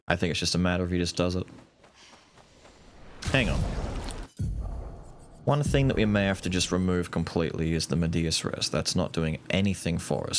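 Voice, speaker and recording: A man streaming a video game live, thinking out loud, muttering to himself and swearing now and then as he plans. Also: sits low. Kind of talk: casual live-stream gaming commentary. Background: game music.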